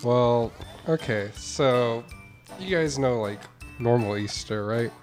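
A man's voice: mid-range voice, takes it slowly, darkish tone, soft background music. Giggly young male podcast guest. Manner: playful, giggly, makes silly mouth noises. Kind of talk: casual comedic podcast banter.

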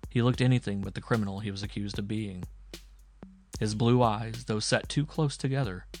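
A man narrating an audiobook in a deliberate, dramatic storytelling manner. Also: fairly low pitch, darkish tone, faint music behind. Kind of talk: audiobook reading.

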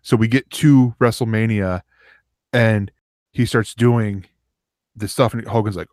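Low-voiced man telling a rambling story. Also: steady tone, measured pace, darkish tone, dry recording, studio quality. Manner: rambling storyteller who acts out quotes. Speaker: podcast co-host. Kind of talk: casual chat.

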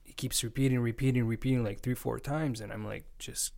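A man's voice: medium pitch, steady tone, fairly quick, gravelly, a little mellow. Plainspoken man recounting driving stories. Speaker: driver. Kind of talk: casual podcast chat, storytelling.

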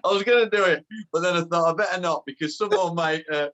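Animated man telling a story. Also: fairly high pitch, quick pace, rough recording. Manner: animated, acts out quoted voices, restarts often. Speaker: band member telling a story. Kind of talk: casual storytelling chat.

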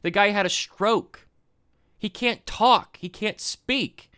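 A man's voice: high voice, takes it slowly, bright, forceful tone, clean tone, no echo. Man, podcast host, rambling solo commentary, repeats himself, dry close sound.

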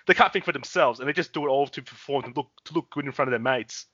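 A man hosting a podcast, chatting casually in a relaxed, hesitant way that often trails off. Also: medium pitch, fast talker, lo-fi sound. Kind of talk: casual chat.

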